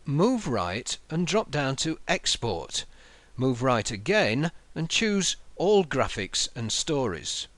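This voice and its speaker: A man narrating a software tutorial in a measured, explanatory way, talking through each menu step aloud. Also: medium pitch, dry recording. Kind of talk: screen-recorded software tutorial.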